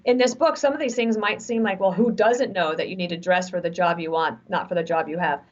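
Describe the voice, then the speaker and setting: A woman in her forties, speaking as an interview guest who gives frank, animated advice through stories. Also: lowish voice, a little fast. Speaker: guest author. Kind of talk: conversational interview. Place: remote video call. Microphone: video call mic. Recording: dull lo-fi video call audio.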